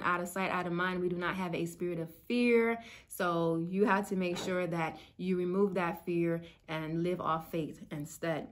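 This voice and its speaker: A woman giving casual, earnest faith teaching to her viewers, chatty and slangy, her voice climbing higher as she gets excited. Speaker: spiritual YouTuber.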